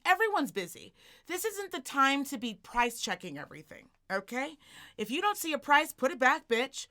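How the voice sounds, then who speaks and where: A woman co-hosting a podcast, telling a story as a profane, animated rant and acting out the people in it. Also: fairly high pitch. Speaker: podcast co-host.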